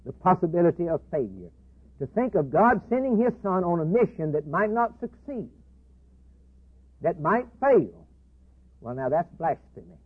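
A man's voice: on the high side, very animated, moderate pace, long pauses. Impassioned man preaching over tinny audio. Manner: impassioned, repetitive, swinging between loud declarations and hushed asides. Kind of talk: sermon. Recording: tinny phone-like band, husky.

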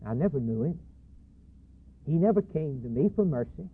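A man preaching a sermon, acting out Jesus as a grave male high priest who quotes scripture. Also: animated. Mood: solemn. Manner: grave, measured, quoting scripture. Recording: husky tinny phone-like broadcast.

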